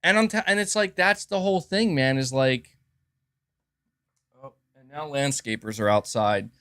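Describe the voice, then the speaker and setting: A man's voice: mid-range voice, normal speed, bright, forceful tone, smooth, dry recording, studio quality. A man talking casually on a live stream from home into a desk mic, rambling and emphatic and often restarting his sentences. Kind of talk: casual livestream monologue. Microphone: desk mic with adjustable gain.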